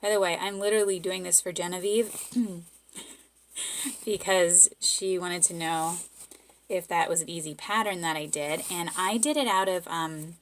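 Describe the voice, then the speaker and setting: Her lowish voice comes a little slowly, with a faint hiss or hum in the recording. She is a woman with a Southern US accent, casually guiding viewers through sewing steps, friendly and chatty, correcting herself along the way.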